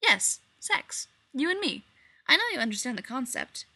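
A woman voicing an impatient adult male scientist who speaks in a brisk, matter-of-fact way. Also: sits high, sing-song, bright, forceful tone, no echo, pitched above the performer's own voice, exaggerated voice.

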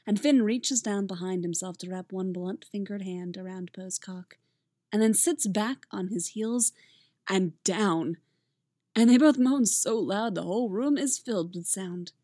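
A woman reading fan fiction aloud in a gentle, intimate storytelling manner. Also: medium pitch, a little slow, no echo, studio quality. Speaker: audiobook reader.

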